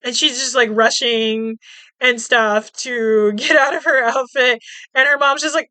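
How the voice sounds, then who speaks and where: A woman's voice: fairly high pitch, fairly even intonation, measured pace, pushed and bright, smooth, dry recording. A woman podcast host casually recapping a movie, chatty and swearing, laughing as she acts out the characters' lines.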